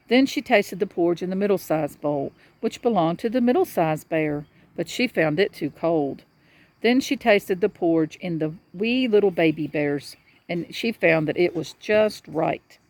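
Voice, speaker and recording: A woman reading a children's storybook aloud to a young child in a lively storyteller's manner. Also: mid-range voice, no room sound.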